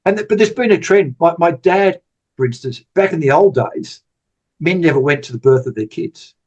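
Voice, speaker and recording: A man's voice: a little high, lively intonation, normal speed, dull audio. A man in his sixties, a podcast guest telling stories in casual talk, rambling and repeating words. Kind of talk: casual storytelling interview.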